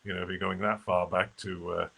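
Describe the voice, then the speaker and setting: A man's voice: sits low, little pitch movement, fairly quick, vocal fry, a bit bright, breathy edge. A man, a stage actor guest in a casual live video interview, who talks in a chatty, rambling way full of fillers and restarts. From Wales.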